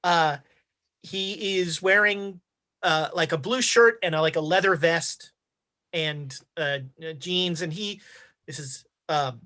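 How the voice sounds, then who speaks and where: A woman narrating as game master of a tabletop game, unhurried and full of fillers. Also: lowish voice, a bit bright.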